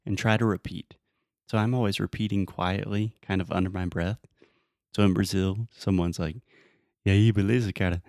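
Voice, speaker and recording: Speaking with a Southern American accent, this man from the Southern US hosts a podcast as an English teacher, casually walking learners through upbeat advice step by step. He has a deep, slightly mellow voice and a flat delivery at normal speed, recorded at studio quality with no room sound.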